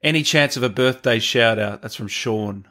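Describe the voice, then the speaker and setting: Upbeat host guy, average pitch, reading out chat comments slow and easy. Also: pushed and bright. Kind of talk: reading viewer comments on a live interview.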